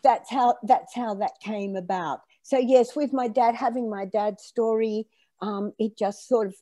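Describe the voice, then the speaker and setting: An older woman raised in Australia and born in Greece, telling her story in an animated, conversational interview. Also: on the high side, a little slow, no room sound, studio quality. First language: Greek. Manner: animated storyteller acting out quoted dialogue. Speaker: author being interviewed.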